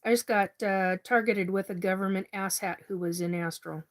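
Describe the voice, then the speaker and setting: A woman's voice: medium pitch, steady tone, normal speed. A woman hosting a live stream, chatting casually and reading out viewer comments, cursing freely when riled. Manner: chatty, swears when angry.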